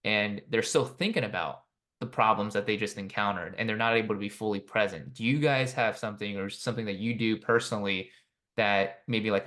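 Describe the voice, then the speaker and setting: Earnest low-voiced male podcast host. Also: fairly bright tone. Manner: earnest, repeats "right?" often. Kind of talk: interview questions and reflection.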